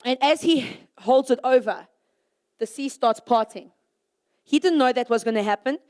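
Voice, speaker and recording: A young woman giving a sermon to young people in a lively, conversational way, firing rhetorical questions at the audience and acting out little scenes. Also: high-pitched, normal speed. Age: young adult. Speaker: youth speaker. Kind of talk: youth sermon.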